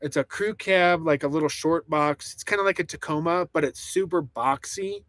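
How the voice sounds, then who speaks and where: A man's voice: on the high side, normal speed, a bit bright, no echo. A man rambling and laughing through a casual live stream from inside a truck camper, reading chat comments aloud. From United States.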